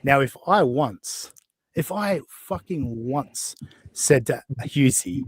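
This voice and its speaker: A man's voice: medium pitch, animated, slow pace, breathy edge, no room sound. A man hosting a podcast, mocking and profane as he reacts to clips in casual chat. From Australia. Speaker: podcast host.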